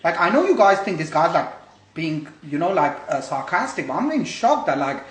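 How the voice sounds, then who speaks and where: Man, livestream rant, angry, profane, repetitive, phone mic, slightly high voice, echoey room. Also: sing-song, normal speed. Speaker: livestream host. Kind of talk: ranting livestream monologue.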